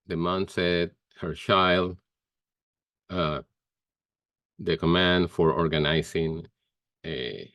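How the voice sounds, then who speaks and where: Slow, deep-voiced male teacher. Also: no room sound. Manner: slow, careful explaining with pauses and fillers. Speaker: Spanish teacher. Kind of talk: grammar lesson.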